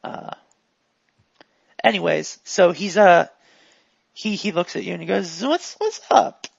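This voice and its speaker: A woman running a tabletop role-playing game in a husky, gravelly voice, rambling along with lots of "like" and "um". The sound is dry and close. It comes through a dull, lo-fi recording. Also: on the low side, measured pace, no echo. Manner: relaxed, rambling, full of "like" and "um". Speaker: game master.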